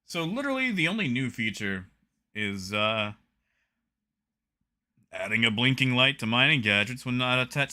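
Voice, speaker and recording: A young man talks to his live-stream audience in a relaxed, casual way. His voice is bright and forceful, and his pitch swings up and down a lot. He reads patch notes aloud and drops dry, wry asides. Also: normal speed, long pauses.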